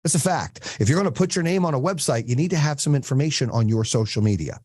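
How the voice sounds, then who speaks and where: A man's voice: medium pitch, expressive, fast talker, darkish tone, dry recording, clean studio sound. Blunt, profane man coaching a group. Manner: blunt, profane storytelling with acted quotes. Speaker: podcast host and business coach. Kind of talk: casual coaching talk to a small group.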